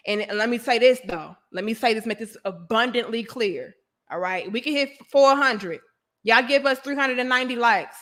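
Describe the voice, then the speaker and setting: Woman host, thirties, high voice, blunt live-stream commentary with a preachy, emphatic delivery. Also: expressive, measured pace, a bit bright. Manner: preachy and emphatic, addresses viewers directly as sis and brothers. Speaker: host of a live online talk show.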